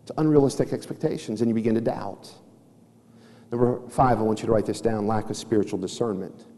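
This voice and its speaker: A man's voice: lowish voice, steady tone, fairly quick, dark tone. A man preaching a sermon as a pastor, emphatic and repeating his key phrases, who mixes teaching points with stories about his family. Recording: echoey hall reverb.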